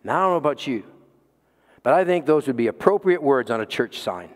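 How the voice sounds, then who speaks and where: A man preaching a sermon as pastor, emphatic, with dramatic pauses and repeated words. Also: medium pitch, expressive, in a large hall.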